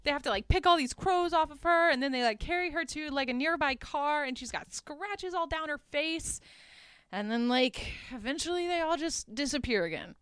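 A woman's voice: sits high, expressive, moderate pace, fairly bright tone, no echo, studio quality. A young woman hosting a podcast, casually retelling a film's plot in a chatty way, full of "like" and amused asides. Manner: chatty, lots of "like", laughs at her own asides. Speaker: podcast host. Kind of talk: casual movie recap.

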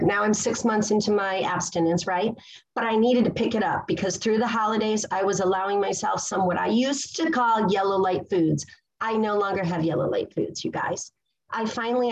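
A woman's voice: mid-range voice, low-quality recording. A woman in her forties giving a personal testimony at a recovery meeting, gushing with enthusiasm and stopping now and then to hunt for a word. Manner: excitable, gushing, pausing to search for words. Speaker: speaker sharing at a recovery meeting.

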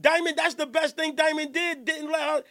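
Male podcast host, very high and bright voice, rowdy, laughs and shouts a lot. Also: moderate pace. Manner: excitable, laughs and shouts, keeps saying hold on. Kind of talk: rowdy live podcast chat.

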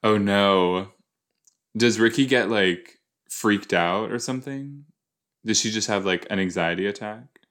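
The voice is fairly low and fairly bright, and this man is in no hurry. He's a podcast host reacting loosely to an episode as it plays, rambling with a playful streak and dropping silly invented words.

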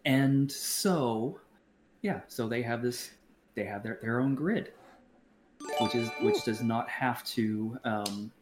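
A man's voice: medium pitch, faint music behind. Blunt, swearing man in an echoey room. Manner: blunt, profane, halting with many restarts. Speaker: podcast co-host. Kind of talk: casual chat. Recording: roomy echo, faint background noise.

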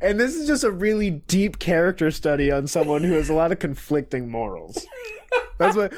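A man's voice: on the high side, a little mellow. Playful young man, comedy podcast co-host. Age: young adult. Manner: playful, riffing, bursts of laughter. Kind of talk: casual comedic chat.

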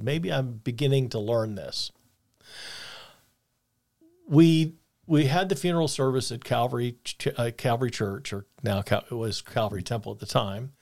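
A man's voice: mid-range voice, darkish tone. An older man, earnest and reflective, telling a personal story about faith and loss. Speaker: podcast co-host.

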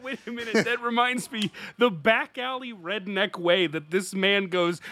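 A man with a high, bright voice co-hosting a casual podcast. He's animated and jokey, laughing often as he recaps. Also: moderate pace. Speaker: podcast co-host. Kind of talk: casual chat.

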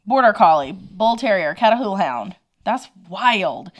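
A woman co-hosting a podcast in casual chat, giggly and quick to react. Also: medium pitch, very animated. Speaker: podcast co-host.

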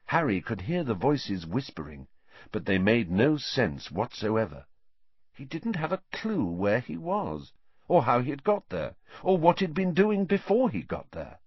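A man's voice: mid-range voice, huge pitch swings, unhurried, husky, dry recording. A man narrating a storybook audiobook dramatically, shifting his pace with the action. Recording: dull dry lo-fi sound.

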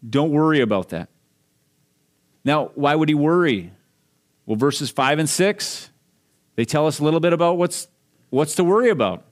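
A man from Minnesota, a pastor giving a sermon, explaining scripture verse by verse in a conversational way. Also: on the high side.

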